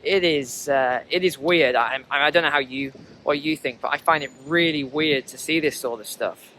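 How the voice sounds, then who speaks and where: A man with a bright, forceful, fairly high voice chats to his viewers while walking outdoors through snowy streets. His talk is loose and conversational, and a faint hiss sits under it. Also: moderate pace. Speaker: vlogger. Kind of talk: walking travel vlog commentary. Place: outdoors on city streets in snow.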